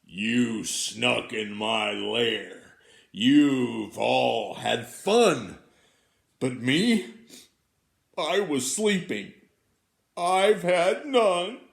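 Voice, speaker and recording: A man voicing a sulky big male bear in a storybook reading, loud, whiny and drawn out. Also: medium pitch, lively intonation, extremely slow, vocal fry, reverberant, full character voice.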